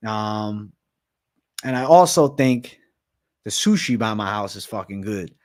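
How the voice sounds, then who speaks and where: A man's voice: on the low side, animated, measured pace, a little mellow. A young man from Massachusetts hosting a livestream, chatting loosely and swearing constantly while reading viewer comments aloud. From Massachusetts, USA. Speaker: livestream host.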